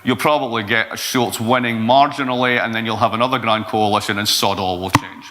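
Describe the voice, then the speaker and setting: A Scottish man in his forties, a guest speaker answering questions in a blunt, profane, lively way. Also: lowish voice, fairly quick, slight background noise. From Scotland. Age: 40s. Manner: blunt, profane, animated storytelling. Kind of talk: Q&A talk at an event.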